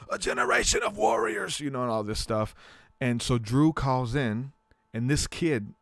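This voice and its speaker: A man's voice: fairly low pitch, no room sound, studio quality. A man hosting a podcast, telling stories in a casual, rambling way with lots of fillers. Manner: rambling storytelling with many fillers. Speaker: podcast host. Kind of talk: casual chat.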